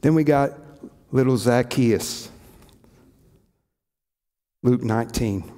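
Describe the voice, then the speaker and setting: A man's voice: mid-range voice, slow, mellow. A male pastor preaching a sermon, telling stories and acting out the quoted lines. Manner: storytelling, acts out quoted lines. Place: church sanctuary. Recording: echoey church hall.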